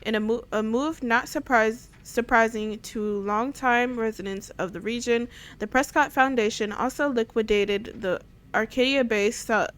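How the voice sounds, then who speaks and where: A woman's voice: a little high, moderate pace, fairly bright tone. A woman gaming streamer giving casual commentary, giggling, stumbling over words as she reads aloud, and swearing casually. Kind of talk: casual let's-play commentary.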